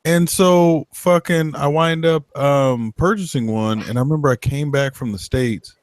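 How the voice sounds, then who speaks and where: A man telling stories in casual chat, rambling and animated, swearing freely. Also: on the high side, unhurried, no room sound. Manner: profane, rambling storyteller; loose and animated.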